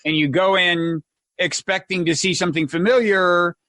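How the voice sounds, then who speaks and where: Male host, somewhat high voice, wry questions, dry close sound. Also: fairly even intonation, normal speed, sharp tone, no echo. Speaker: podcast host. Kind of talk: conversational interview.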